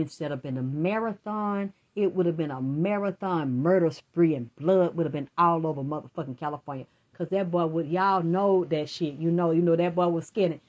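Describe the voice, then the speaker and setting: Woman, low-pitched, rambling accusatory rant, heavy profanity, run-on delivery. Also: a little mellow. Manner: addresses absent people directly.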